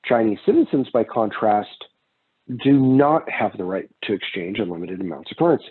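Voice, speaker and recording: A man's voice: fairly low pitch, big pitch swings, normal speed, husky, phone-quality sound. A man giving a casual recorded economics lecture, drifting into personal anecdotes. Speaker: economics instructor.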